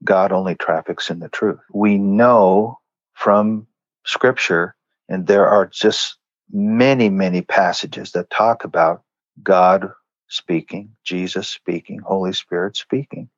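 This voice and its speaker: Taking it slowly in a low-pitched voice, a man shares stories as a guest in a faith interview, earnest and conversational, voicing what others said. There's no room sound, and the audio is muffled.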